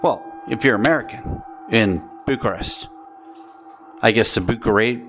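A man's voice: on the low side, moderate pace. A middle-aged man telling a comic story, rambling and crude, interrupting himself. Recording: loud music underneath.

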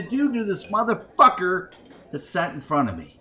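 Middle-aged guy ranting and cussing on his show, lively up and down voice, roomy echo. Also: fairly high pitch, fairly quick. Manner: animated, swearing, laughing, indignant. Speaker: radio show host. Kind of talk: profane storytelling rant.

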